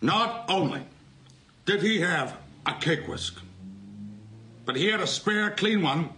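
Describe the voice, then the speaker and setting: An actor playing a petty, resentful middle-aged man who builds slowly to a furious punchline in a comedy sketch. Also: on the high side, wildly swooping pitch, pushed and bright, a little hiss or hum, exaggerated voice. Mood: aggrieved.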